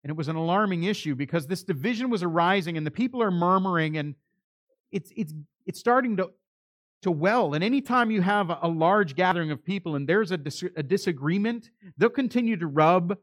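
A man preaching a sermon, acting out the voices of the people he quotes, with his loudness rising and falling for emphasis. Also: high-pitched, expressive, fairly quick, dry recording, studio quality. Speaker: pastor.

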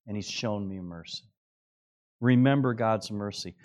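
A middle-aged man preaching a sermon, earnest, shifting between quiet asides and raised, emphatic exclamations. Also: on the low side, a little slow. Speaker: pastor.

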